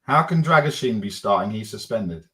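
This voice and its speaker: Man co-host thinking out loud. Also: lowish voice, lively intonation. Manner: thinks aloud with restarts, quick to object. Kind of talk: casual chat.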